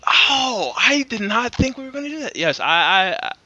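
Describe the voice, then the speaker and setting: A man in casual podcast chat, animated and quick to laugh, swearing freely. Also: extremely high pitch, no room sound.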